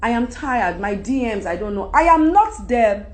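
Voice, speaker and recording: Animated high-voiced Nigerian woman ranting. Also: normal speed, a little hiss or hum. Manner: animated and preachy, rising to loud outbursts. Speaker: livestream host. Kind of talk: unscripted rant on a live stream. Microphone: phone.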